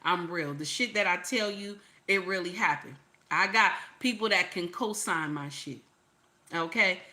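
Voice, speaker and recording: Blunt, cursing woman with a bright voice. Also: on the low side, unhurried. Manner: blunt, cursing, repeats herself for emphasis. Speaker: reaction channel host. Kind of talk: profane commentary over clips.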